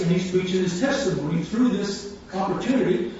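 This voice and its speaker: A man's voice: sits high, lively intonation, a little fast, hardly any pauses, a little mellow. A man preaching a sermon, telling a story with animation and acting out the voices of the people in it. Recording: echoey hall, distant mic, dull sound, faint room hum.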